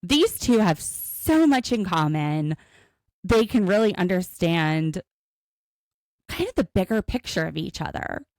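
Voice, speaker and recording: A woman's voice: fairly low pitch, measured pace, no echo. A woman co-hosting a podcast, recapping a reality show in casual chat and acting out the cast's lines as she tells it. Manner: animated storytelling, acts out quotes. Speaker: podcast co-host.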